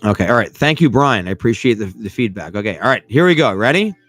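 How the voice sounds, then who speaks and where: A man hosting a live podcast in a casual chat style, animated and self-mocking, and he keeps asking listeners for feedback. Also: fairly low pitch, quick pace, soft background music. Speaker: podcast host.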